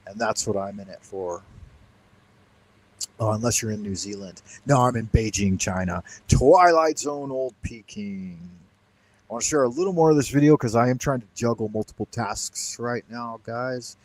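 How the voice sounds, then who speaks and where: A man's voice: fairly low pitch, normal speed, a little mellow, rough recording. A man hosting a casual livestream from home, rambling playfully and answering chat commenters. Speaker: livestream host. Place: home, Beijing.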